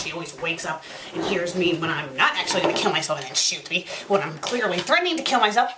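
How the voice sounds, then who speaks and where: A woman hosting a comedic fanfic review, melodramatic, swinging between shouted threats and hushed whispers to calm herself. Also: fairly low pitch, quick pace, heavy background noise. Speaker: fanfic reviewer, show host.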